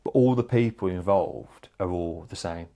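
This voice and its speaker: A man, a chef, telling stories in a casual chat, animated and swearing freely, calling people "mate". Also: deep voice, moderate pace, creaky. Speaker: chef guest.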